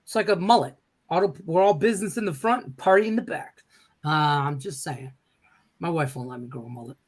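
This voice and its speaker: A man's voice: a little high, brisk. A man hosting a sports betting show, joking and rambling as he reads viewer comments aloud. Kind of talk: casual sports betting chat.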